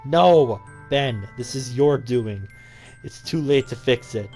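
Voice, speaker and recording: A man's voice: mid-range voice, animated, slow, darkish tone, soft background music. A man voicing a despairing, drowsy teenage girl who talks in bitter, fading lines.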